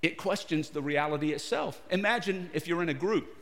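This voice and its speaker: A male pastor preaching a sermon in short phrases, pausing often and putting questions to his listeners. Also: fairly high pitch, fairly bright tone. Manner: broken into short phrases with pauses. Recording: long reverb of a large hall.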